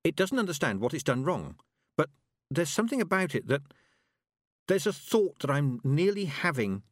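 A man's voice: a little high, sing-song, moderate pace, dry recording, studio quality, voice pushed up. A man voicing an earnest young witch girl. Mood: pondering. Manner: earnest, searching for words. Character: thoughtful, earnest eleven-year-old witch girl.

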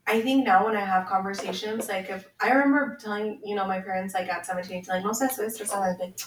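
A woman's voice: mid-range voice, fast, recorded from a distance, a little hiss or hum. A young woman from Washington State, a podcast guest speaking earnestly and from the heart, with lots of "like" fillers. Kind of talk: candid conversation. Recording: roomy sound, a bit off-mic.

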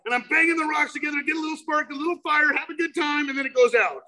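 A man with a very high, bright, forceful voice shares his own recovery story. He speaks emphatically, building to loud bursts as he tells his tale. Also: quick pace, poor audio. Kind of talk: personal recovery talk.

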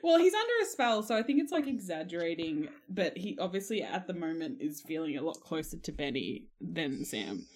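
A woman's voice: fairly low pitch, big pitch swings, a little fast, few pauses, darkish tone. Woman podcaster, giggly, organizing, casual chat. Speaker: podcast co-host.

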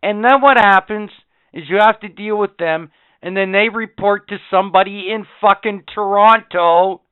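A man with a slightly high, smooth voice rants and swears his way through a story on a casual podcast. The sound is thin and tinny, like a phone line. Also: moderate pace, dry recording. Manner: profane, ranting storyteller. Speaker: podcast co-host. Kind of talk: casual chat.

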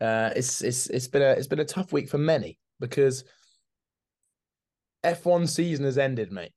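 A man's voice: mid-range voice, normal speed, a little mellow. A man, co-hosting a casual sports podcast, laughing often, calling his friend mate, and repeating words as he goes. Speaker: podcast co-host.

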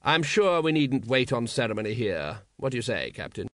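A man voicing a cool, aristocratic male city ruler who speaks slowly with a smooth, polite drawl. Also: mid-range voice, sing-song, fairly bright tone, no room sound, clean studio sound.

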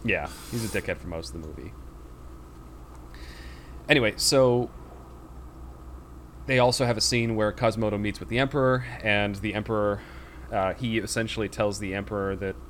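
A man's voice: on the low side, moderate pace, long pauses, fairly bright tone, a little hiss or hum. A man chatting casually on a podcast, retelling a film's plot in a rambling way with many fillers and acted-out quotes. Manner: rambling storyteller with fillers, acts out quoted lines.

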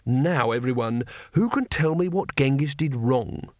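A man's voice: medium pitch, lively intonation, a little slow, darkish tone, no echo, clean studio sound, natural voice. A man voicing a fussy, polite middle-aged schoolteacher who speaks patiently to unruly pupils in an audiobook.

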